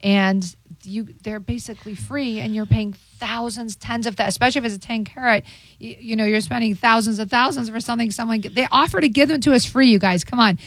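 A middle-aged woman from England, a jewelry store owner chatting on a talk show, animated and persuasive. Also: a little fast, dry recording. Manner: animated, persuasive, sales pitch. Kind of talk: casual chat.

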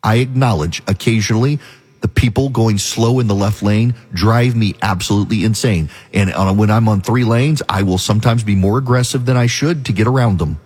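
Husky-voiced opinionated radio host, man. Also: fairly low pitch, a little fast, a little mellow. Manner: opinionated, emphatic ranting. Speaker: radio talk show host. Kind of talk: talk radio monologue.

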